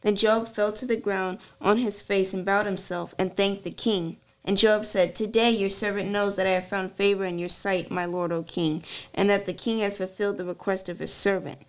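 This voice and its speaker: A woman reading a long scripture passage to her study group at an even, middle pitch. She keeps a steady pace and fixes small slips as she goes. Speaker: Bible study member.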